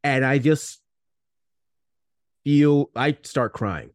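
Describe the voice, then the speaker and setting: A man's voice: mid-range voice, very slow, no room sound, clean studio sound. A man playing a tabletop game, rambling as he narrates his character's actions in the first person. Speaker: player.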